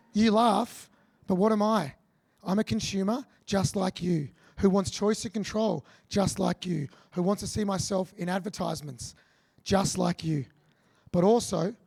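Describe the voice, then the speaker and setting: Australian man, keynote speaker, high-pitched, husky, energetic and jokey. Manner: energetic, punchy, jokey with the audience. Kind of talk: motivational keynote speech.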